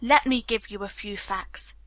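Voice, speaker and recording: Woman reading a pushy angry police captain, grilling a suspect, bright dry voice. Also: medium pitch, a little slow, no echo, natural voice. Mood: stern. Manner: hard, demanding questions.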